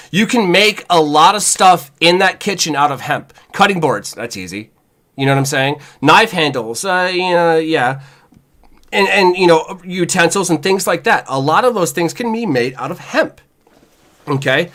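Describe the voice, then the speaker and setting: A chef co-hosting a podcast, talking in a casual, animated, profane rant with lots of "y'all.". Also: male voice, a little high, normal speed. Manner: animated, profane, says "y'all" and "you know what I'm saying".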